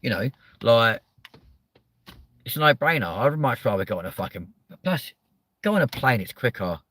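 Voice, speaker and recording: A man's voice: mid-range voice, big pitch swings, normal speed. A man hosting a comedic chat show, ranting and swearing constantly as he reacts to viewer comments. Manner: loud exasperated outbursts. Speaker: host.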